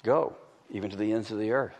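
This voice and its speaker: A man preaching a sermon to a congregation, swinging between loud calls and hushed pleading. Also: lowish voice, fast talker. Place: large hall with an audience. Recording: reverberant hall.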